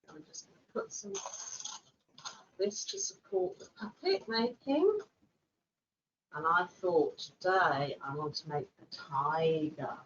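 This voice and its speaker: A woman working in early years education, giving a gentle, animated craft demonstration. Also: low voice, slow, long pauses, lo-fi sound, a little hiss or hum. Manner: gentle, animated, with playful voices. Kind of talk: instructional demonstration.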